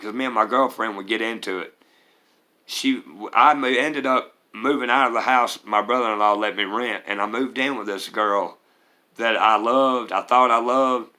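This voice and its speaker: In a personal testimony, a middle-aged man with a fairly low, sharp voice recounts his recovery. He's earnest and rambling, using Southern US turns of phrase.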